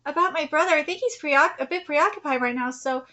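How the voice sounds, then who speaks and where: A woman's voice: sits high, brisk, pushed and bright. A woman reading as a brash aunt near thirty in a manga, breezy and joking.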